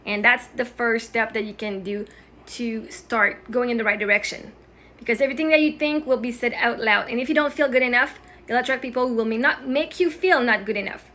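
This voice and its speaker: High bright-voiced woman host, earnest and encouraging, keeps saying right?, faint hum behind. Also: brisk. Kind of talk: casual conversational advice.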